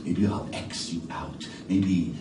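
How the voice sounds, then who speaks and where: A middle-aged man from New York City telling a story theatrically on a live stage, dropping to hushed tones and rising to loud ones. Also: low voice, slow pace. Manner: dramatic, animated, shifts between hushed and loud. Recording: echoey stage from far off with noise.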